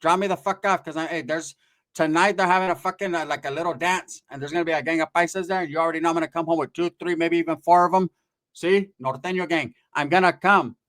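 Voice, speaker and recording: A man's voice: a little high, fairly even intonation, fast talker, natural voice. A man voicing a bossy, foul-mouthed middle-aged aunt who nags and makes demands. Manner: loud, nagging, demanding.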